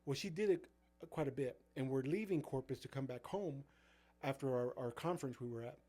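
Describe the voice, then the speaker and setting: A man's voice: mid-range voice, fairly quick, mellow, faint music behind. Rambling man telling ministry stories. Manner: rambling, full of fillers and restarts. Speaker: youth pastor. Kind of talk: casual storytelling chat.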